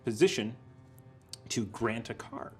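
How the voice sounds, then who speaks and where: A man's voice: mid-range voice, lively intonation, slow, faint music behind. A man running a tabletop game as dungeon master, chatting casually on a live stream with laughs and trailing fillers.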